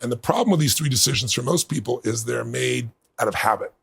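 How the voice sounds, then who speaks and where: A middle-aged man being interviewed, telling a personal story in earnest and building to bursts of excitement. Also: mid-range voice, fast. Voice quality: gravelly, husky. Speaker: guest.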